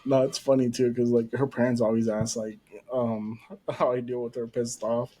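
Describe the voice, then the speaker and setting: A man's voice: medium pitch, level tone, normal speed, warm tone, low-quality recording. A man co-hosting a podcast who jokes about teasing his wife and laughs often in casual chat. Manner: laughs often, joking and playful. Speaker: podcast co-host.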